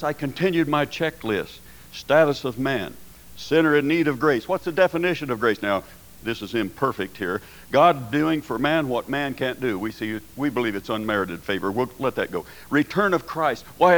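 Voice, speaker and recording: Man, pastor, folksy sermon, emphatic peaks, mid-pitched voice. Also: animated, normal speed, low-quality recording.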